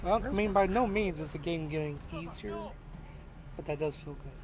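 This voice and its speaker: Relaxed man thinking aloud while gaming. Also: on the high side, normal speed. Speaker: streamer playing the game. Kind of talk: casual gameplay commentary.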